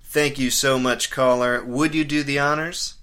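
A man's voice: mid-range voice, steady tone, normal speed, fairly bright tone, clear, resonant tone. A man hosting a comedic call-in radio bit with a showy, theatrical delivery.

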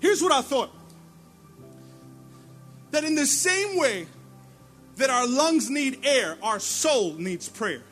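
A male pastor preaching a sermon in a church, telling animated stories and laughing at himself. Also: extremely high pitch, slow pace, long pauses, faint music behind.

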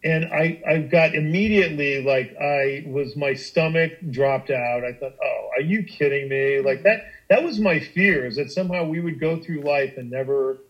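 Animated middle-aged man telling a story. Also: a little high, normal speed, few pauses, muffled recording. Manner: animated, emphatic, with frequent restarts and swearing. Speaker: guest storyteller. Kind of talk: personal storytelling on a podcast.

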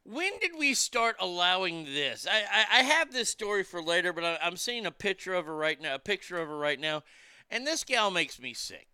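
Man, high voice, very bright, blunt profane rant, dry close sound. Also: big pitch swings, normal speed, smooth, no room sound. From United States. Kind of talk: opinion rant monologue.

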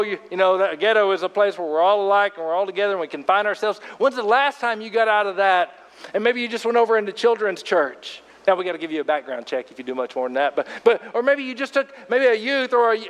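A man's voice: sits high, long reverb tail. Older male pastor, folksy sermon. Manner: folksy storytelling, conversational.

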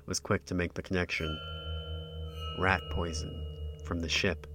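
A man reading his own first-person story aloud in a measured, even, literary way. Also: sits low, noisy background. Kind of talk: scripted first-person narration.

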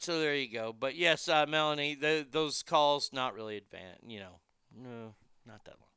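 A man in his fifties hosting a show, chatting casually and bluntly, telling animated stories and acting out callers' voices. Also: fairly high pitch, normal speed, smooth, dry recording, studio quality. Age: 50s. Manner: blunt and profane. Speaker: show host. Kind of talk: casual chat reading viewer comments.

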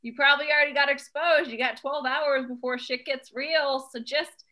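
Bright, chatty female comedy host. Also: sits high, steady tone, moderate pace. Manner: chatty, rambling, upbeat. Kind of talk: casual comedic chat.

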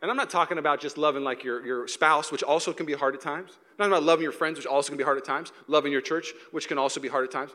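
A male pastor from Seattle delivers an animated sermon, his voice high and bright. The sound carries a long reverb from the church hall he speaks in. He breaks into acted-out fan chants along the way. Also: very fast, hardly any pauses. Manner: animated, acts out shouting fans.

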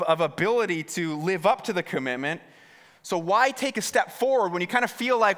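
A man's voice: high-pitched, animated, brisk, sharp tone, long reverb tail. A man preaching a sermon to his congregation. He often restarts his words and asks the listeners direct questions. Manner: repeats words, stammering restarts; talks straight to the congregation with questions. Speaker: pastor. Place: church hall.

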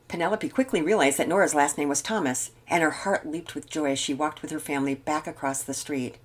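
An older woman, a grandmother, reading a children's story and chatting as host in a gentle, expressive way. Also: deep voice, brisk, few pauses.

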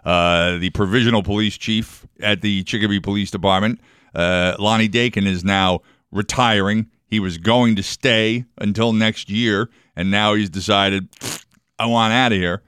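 A man's voice: lowish voice, fairly even intonation, moderate pace, fairly bright tone, clean tone, dry recording, clean studio sound. A man co-hosting a morning radio show, chatting casually and telling jokes with acted-out voices. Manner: jokey storyteller, acts out voices in jokes. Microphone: studio microphone.

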